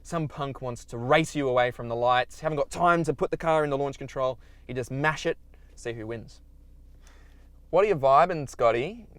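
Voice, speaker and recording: A man's voice: mid-range voice, moderate pace, no echo. A young Australian man commentating on car tests in a casual, upbeat way, speaking from inside a car on a track. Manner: upbeat and chatty, directs the runs. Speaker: car reviewer and host.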